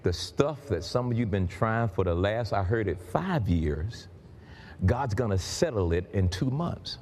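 A man preaching a sermon, fervent and building up to shouts. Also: fairly low pitch, expressive, measured pace. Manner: fervent, building to shouts, calls and responses with the congregation.

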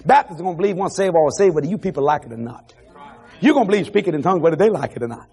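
A man preaching an animated evangelical sermon to a congregation on television, laughing and shouting asides as he goes. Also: on the high side, rapid-fire, creaky, breathy edge. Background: faint congregation crowd.

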